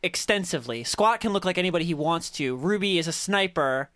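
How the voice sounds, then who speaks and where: A man's voice: sits high, lively intonation, a little fast, sharp tone, no room sound. Dry-voiced, wry game master man. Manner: wry, laughing, warns players bluntly and swears. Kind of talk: running a tabletop game.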